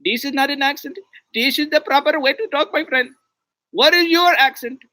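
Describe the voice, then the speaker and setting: A man's voice: moderate pace, sharp tone, no room sound, clean studio sound. A man putting on an Arabic accent, playing a man who insists he has no accent. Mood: insistent. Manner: emphatic, high-pitched insistence.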